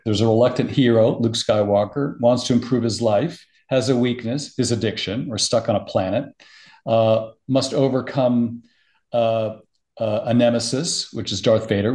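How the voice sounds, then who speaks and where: A middle-aged man talks through a story in a relaxed interview, his voice pitched right in the middle. He tells it with heartfelt, animated emotion and keeps his phrasing loose and conversational. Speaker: podcast guest. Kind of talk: casual interview chat.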